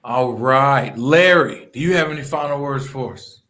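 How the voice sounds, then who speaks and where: A man's voice: mid-range voice, normal speed, a bit bright. A man hosting a podcast, hyping up guests in a casual, showman manner. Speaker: podcast host.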